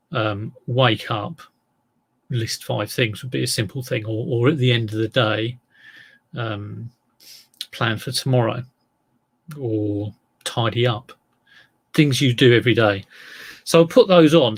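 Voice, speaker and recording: A man's voice: mid-range voice, husky. A man chatting casually in a vlog as an online reseller. He rambles, drifts off topic and makes fun of himself. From England. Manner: rambling, self-deprecating, wanders off topic.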